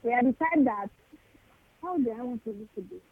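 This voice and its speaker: A woman with a Nigerian accent calling into a radio show, speaking softly with a giggle. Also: a little high, lively intonation, a little fast, husky, dry recording. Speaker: caller. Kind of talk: phone-in chat. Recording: tinny phone line.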